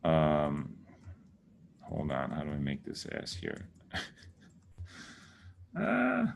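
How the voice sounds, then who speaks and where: A man's voice: extremely low pitch, huge pitch swings, extremely slow, vocal fry, slight background noise. A man giving a casual lesson, patiently repeating words to correct how people say them. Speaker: teacher.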